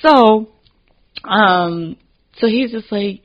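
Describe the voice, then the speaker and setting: A woman hosting a casual podcast chat, telling animated stories and acting out what people said, often laughing. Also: mid-range voice, slow, pauses often, lo-fi sound. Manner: animated storytelling, acts out quotes, laughs often. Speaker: podcast host.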